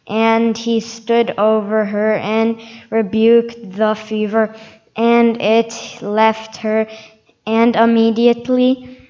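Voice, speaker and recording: A woman reading scripture aloud in a slow, deliberate manner during a church service. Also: a little high. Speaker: Gospel reader. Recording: dull, lo-fi recording.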